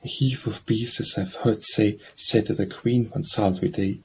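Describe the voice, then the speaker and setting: A man reading poetry aloud for an audiobook in a measured, steady recitation. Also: lowish voice, slight background noise, low-quality recording. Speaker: audiobook narrator.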